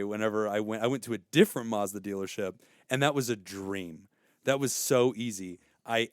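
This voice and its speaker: A middle-aged man and podcast co-host, telling an animated, profane story and acting out the people in it. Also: medium pitch, smooth, no echo, studio quality. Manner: profane, ranting, acts out quoted people. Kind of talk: casual chat, animated storytelling.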